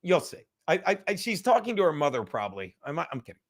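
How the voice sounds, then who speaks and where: A man's voice: fairly high pitch, sing-song, fast talker. A man in his fifties hosting a casual livestream from home, rambling and swearing, laughing often and sometimes dropping to a whisper. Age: 50s. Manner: rambling, profane, laughing, drinking while talking; drops to a whisper at times. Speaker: livestream host.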